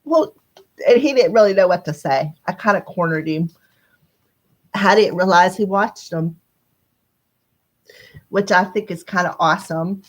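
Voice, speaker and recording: A woman with a squeaky voice giving a casual live-stream tarot reading, chatting straight to her viewers. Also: unhurried, pauses often, rough recording. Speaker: tarot and numerology reader.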